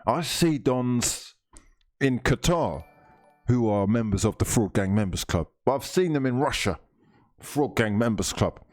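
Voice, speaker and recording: A man's voice: mid-range voice, expressive, a little slow, dry recording, clean studio sound, soft background music. A man hosting a live stream, reading viewer comments aloud in a playful, mock-grand way.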